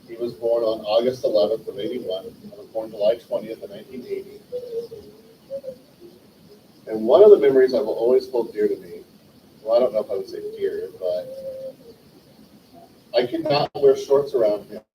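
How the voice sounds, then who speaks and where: His voice is fairly low and warm, with huge pitch swings, a moderate pace, and long pauses. He's a Californian in his forties giving the eulogy at a livestreamed memorial, rambling through personal anecdotes and often correcting himself, captured by a distant mic with roomy echo and faint noise.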